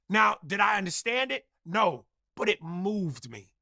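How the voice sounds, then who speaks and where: A man with a high, gravelly, bright voice argues his point in an animated casual chat, emphatic and profane, slipping into mimicry of other people's speech. His voice is breathy-husky and the sound is dry and close. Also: normal speed, few pauses, no echo.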